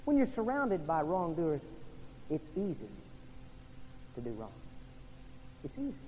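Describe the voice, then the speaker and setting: A man from Oklahoma or Texas, a pastor preaching an evening sermon in a church, swinging between loud and hushed delivery. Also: wildly swooping pitch, a little slow. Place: church sanctuary. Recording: long reverb in a large hall, faint rumble.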